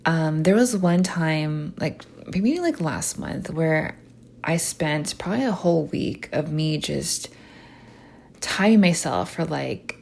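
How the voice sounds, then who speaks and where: Slow, gravelly-voiced young woman musing softly. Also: deep voice, expressive. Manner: chatty, many "like" fillers, soft and unfiltered. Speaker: podcast host. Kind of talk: soft stream-of-consciousness monologue.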